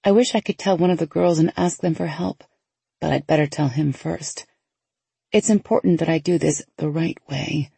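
Woman narrator with a gravelly, husky voice, chatty first-person read. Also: low-pitched, moderate pace, no echo. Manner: lively, conversational inner monologue. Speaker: audiobook narrator.

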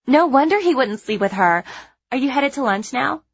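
A woman voicing a gossipy, gleeful teenage girl in an audiobook, shrill and excited. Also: moderate pace, breathy edge, lo-fi sound, heavily acted. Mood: gleeful gossip. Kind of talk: audiobook character voice.

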